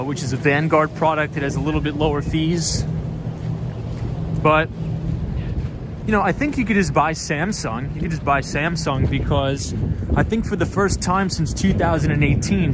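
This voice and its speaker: A man hosting a casual live stream while walking outdoors on busy city streets, chatting and answering viewer comments into a handheld phone. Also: a little high. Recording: city street noise behind. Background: city street traffic noise.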